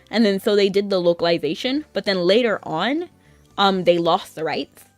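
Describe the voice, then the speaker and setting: A chatty young woman talks her way through a game on a live stream, rambling easily and dropping plenty of "like". Her voice sits at an ordinary middle pitch and sounds dry and close, with faint music under it. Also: no room sound. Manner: chatty and rambling, with frequent filler "like". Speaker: VTuber streamer. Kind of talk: casual gaming stream chat.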